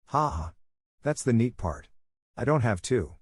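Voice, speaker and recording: A man's voice: mid-range voice, sing-song, unhurried, slightly rough, dry recording, studio quality, voice pushed up. A man voicing a cocky, oblivious teenage boy with a steel body, talking in a brash, careless way.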